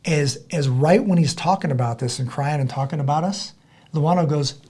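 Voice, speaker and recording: A middle-aged man tells a story as a podcast guest. His voice is husky and sits a little high, and he keeps circling back on his words. He brings the tale to life by acting out the voices of the people in it. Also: moderate pace. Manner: animated, acts out other people's voices; frequent restarts and repeated words. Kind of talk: conversational storytelling.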